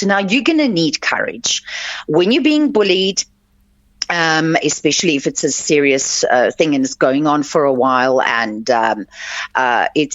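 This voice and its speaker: A woman's voice: deep voice, dry recording. A woman life coach hosting a radio advice show, talking earnestly and instructively with many fillers and restarts. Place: radio studio. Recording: dull lo-fi, dry radio audio.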